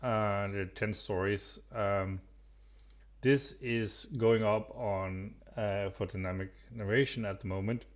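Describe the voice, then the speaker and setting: A man guides viewers through a screen-recorded software tutorial. His voice sits a little low, and he talks in a relaxed, unscripted way. He pauses, backs up and restarts his sentences as he goes. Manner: relaxed, halting, with many fillers and restarts. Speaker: tutorial host.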